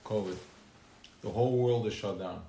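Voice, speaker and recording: A man giving an informal religious talk at a gathering, animated and full of rhetorical questions. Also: on the low side, normal speed, creaky. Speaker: speaker at a gathering. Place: gathering hall. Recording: echoey live room, faint noise.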